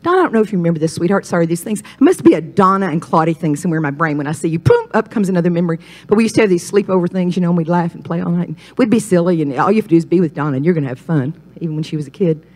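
A woman's voice: expressive, very fast, hardly any pauses. A woman giving a personal testimony sermon, telling stories and building to emphatic, rising points. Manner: emphatic, storytelling, swells louder and higher on key points. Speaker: speaker at a Christian ministry.

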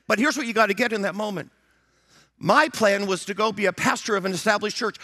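A man's voice: high-pitched, fast talker, sharp tone, no echo, clean studio sound. A middle-aged man preaching a sermon as pastor, emphatic, repeating his phrases and acting out prayers and dialogue.

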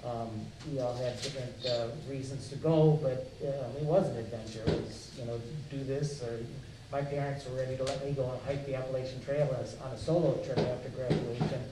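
A man in his sixties recalling a youth expedition on a live panel, halting with restarts and fillers. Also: mid-range voice, fairly even intonation, noisy background. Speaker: former expedition member. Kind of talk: panel reminiscence. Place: museum event hall. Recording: echoey room, mic at a distance.

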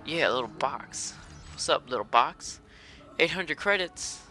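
A man commentating a horror game as he plays it, profane and excitable, often shouting at enemies. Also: fairly high pitch, unhurried, soft background music. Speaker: gamer playing a horror game. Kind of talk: let's play commentary. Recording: game sound and noise behind.

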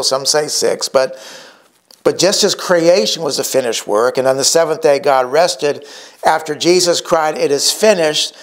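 Emphatic preaching man, higher voice. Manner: emphatic preaching, slowing for key words. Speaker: pastor. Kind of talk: sermon.

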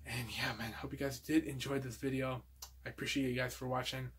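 A man's voice: mid-range voice, level tone, fairly quick, a bit bright, husky. A young man in a casual toy-collection vlog, laid-back and fond of calling everyone dude, tired and out of breath.

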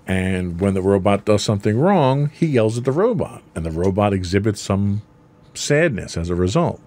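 A man's voice: fairly low pitch, very animated, normal speed, darkish tone. A man co-hosting a podcast, casually explaining ideas with everyday examples and frequent ums. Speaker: podcast co-host.

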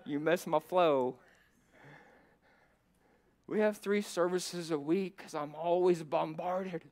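A middle-aged male pastor delivers a sermon in a church sanctuary. His voice sits a little high for a man and swings between loud, emphatic climbs and hushed, close asides. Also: slow pace.

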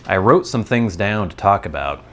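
American guy just rambling at the camera, kinda low voice, chatty and amused. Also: animated, normal speed, fairly bright tone, a little hiss or hum. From United States. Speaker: host. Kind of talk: casual rambling monologue.

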